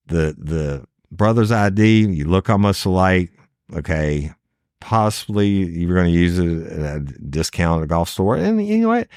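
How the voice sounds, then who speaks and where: A man's voice: deep voice, creaky, darkish tone, no room sound, studio quality. A middle-aged man hosting a true crime podcast, telling the case casually, swearing often and talking straight to his listeners in disbelief. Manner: profane, incredulous, talks straight to listeners.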